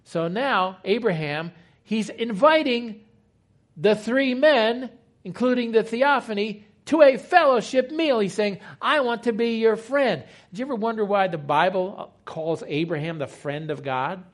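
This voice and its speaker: Male preacher, high voice, conversational teaching sermon. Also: expressive, a little slow. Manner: explanatory, conversational, rhetorical questions.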